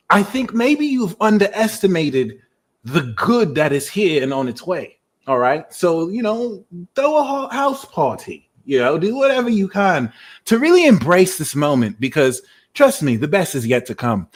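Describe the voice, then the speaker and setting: A boastful British tarot reader with a slightly high voice, as a man puts him on, drifting into an Americanized version of the accent. He teases and rambles with plenty of fillers, keeping a cocky live-stream swagger. It comes across as a playful put-on persona. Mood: upbeat. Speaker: tarot reader, livestream host.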